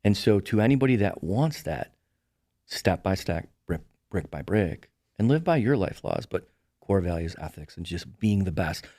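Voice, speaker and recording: A middle-aged man with a deep voice speaks at normal speed, with no room sound. He's a real estate broker on a podcast, an animated storyteller who acts out quoted voices in casual conversation.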